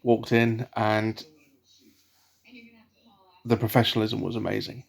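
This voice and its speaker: A man telling a personal story in a casual vlog, rambling with many fillers and restarts in a soft, self-conscious way. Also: lowish voice, level tone, a little slow, vocal fry, breathy edge. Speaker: vlogger.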